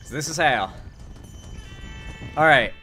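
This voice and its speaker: A man's voice: on the high side, lively intonation, slow pace, sharp tone, faint music behind. A man with a Florida accent chatting casually and swearing while he plays a game and talks politics. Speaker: streamer and political commentator. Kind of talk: casual commentary while gaming.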